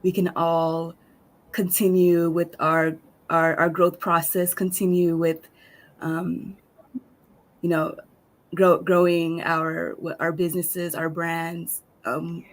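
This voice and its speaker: A woman guest speaker closing her session, soft-spoken and halting, with many fillers. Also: fairly low pitch, flat delivery, rough recording. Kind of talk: closing a virtual summit session.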